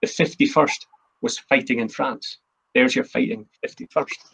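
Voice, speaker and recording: A man's voice: mid-range voice, steady tone, moderate pace, creaky, a bit bright, husky, low-quality recording. A man, the host and a historian, giving an earnest, emphatic history talk from his notes. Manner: earnest, emphatic, quotes speeches in a plain voice.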